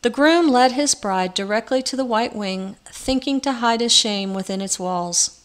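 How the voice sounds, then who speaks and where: A woman narrating a storybook in an expressive, measured way. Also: fairly high pitch. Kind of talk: storybook reading.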